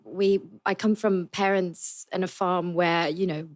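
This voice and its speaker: A woman's voice: on the low side, fairly even intonation, measured pace. A woman from Sweden speaking polished English with a Swedish lilt, chatting casually as a podcast guest and laughing often. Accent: Swedish-tinged polished English. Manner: giggly, easygoing, laughs often. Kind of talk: casual chat.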